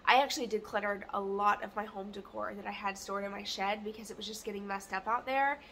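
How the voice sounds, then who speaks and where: A woman vlogging her day in a rambling, chatty, candid way, relaxed, with fillers and light laughs. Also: mid-range voice, quick pace, a little hiss or hum. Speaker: lifestyle vlogger. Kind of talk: chatty day-in-the-life vlog.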